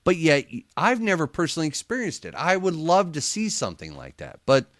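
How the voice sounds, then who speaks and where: A man of medium pitch spins a story for a radio interview, his voice rising and falling in a lively, swinging way. He often laughs and mimics other people as he goes, and the studio sound is close and dry. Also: brisk, no room sound. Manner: animated storyteller, laughs often, acts out quotes. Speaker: paranormal investigator guest.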